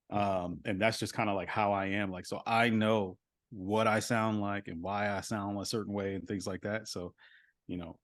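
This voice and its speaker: A man in his thirties talks loosely on a podcast, his voice sitting on the lower side. He rambles, stacking fillers as he works through a thought. The sound is close and dry, with no room around it. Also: steady tone, normal speed, dry recording. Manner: rambling, heavy use of "like" and "you know". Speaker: voice actor guest. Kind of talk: casual podcast conversation.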